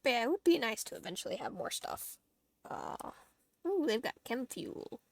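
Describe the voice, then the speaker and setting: A woman's voice: on the high side, sing-song, moderate pace, vocal fry, dry recording. A woman streaming a game, chatting casually to her viewers, giggly and talkative as she plays. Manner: chatty, giggly, talks to herself and chat while playing. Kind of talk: casual gameplay livestream chat.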